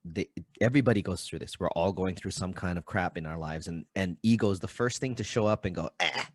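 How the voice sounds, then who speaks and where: Male podcast host, very low voice, earnest, dry close sound. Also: fast, a little mellow, dry recording. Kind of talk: casual podcast chat.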